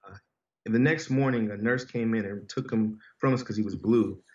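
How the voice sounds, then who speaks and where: A man's voice: lowish voice, moderate pace, darkish tone, dull audio. Man telling a heartfelt story, roomy distant sound. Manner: earnest, heartfelt, frequent "you know" and "man". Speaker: podcast guest. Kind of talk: personal storytelling in conversation.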